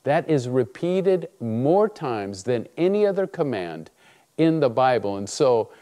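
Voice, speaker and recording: Animated male preacher, warm lively voice. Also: mid-range voice, measured pace. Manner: animated storytelling, acts out dialogue. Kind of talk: sermon with personal story.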